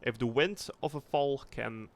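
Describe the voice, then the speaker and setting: A man streaming a tank game live, thinking aloud in a rambling, relaxed way and swearing casually as he sets up a test with viewers. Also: medium pitch, unhurried. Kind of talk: casual livestream commentary.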